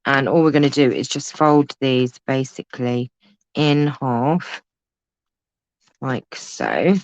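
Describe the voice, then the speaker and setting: A woman's voice: very deep voice, animated, takes it slowly, no echo, low-quality recording. A woman hosting a casual craft livestream from home, chatting to viewers and reading out their comments with teasing asides. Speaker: craft host.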